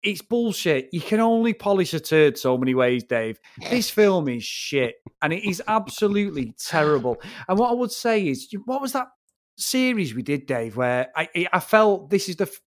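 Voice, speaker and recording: A man co-hosting a casual film review chat. His voice sits fairly high for a man. He rants bluntly, with plenty of swearing. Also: moderate pace. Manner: blunt, sweary, animated ranting. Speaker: film review podcast co-host.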